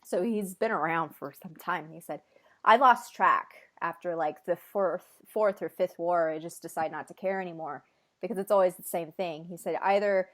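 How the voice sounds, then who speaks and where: A woman's voice: fairly low pitch, moderate pace. A woman on a video call who passes on a guest's words in casual chat and often laughs. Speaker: host relaying a channeled guest's words.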